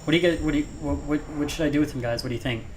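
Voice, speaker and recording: A man streaming a video game live, chatting in a playful, excitable way with many fillers. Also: a little high, racing, background noise.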